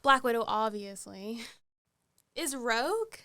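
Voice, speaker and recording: A woman's voice: fairly high pitch, lively intonation, slow pace, a loud crowd. A woman interviewer asking light, friendly questions in a casual interview.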